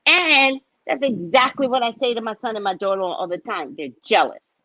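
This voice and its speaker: A woman in her fifties, a psychic reader, telling stories in a dramatic, animated way and speaking to her viewers like family on a casual livestream. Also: fairly high pitch, moderate pace, no room sound, dull audio. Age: 50s.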